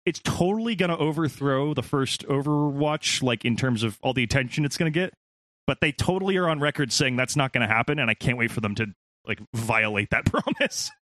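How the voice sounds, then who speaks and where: A man's voice: medium pitch, animated, fairly quick, a bit bright, dry recording. A man co-hosting a casual gaming podcast, rambling, swearing freely and laughing often.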